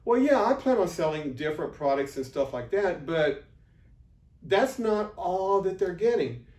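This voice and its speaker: A man recording an unscripted video pitch for his marketing offer, rambling and restarting often, blunt and pushy. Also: big pitch swings, a little slow, darkish tone, roomy sound, far from the mic. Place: room, filming himself beside a board.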